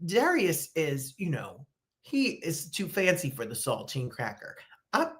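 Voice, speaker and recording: Chatty woman host from New Jersey, lively up-and-down delivery, rambling and casual. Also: deep voice, measured pace. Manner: animated, chatty, rambling storytelling. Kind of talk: casual chat while eating on camera.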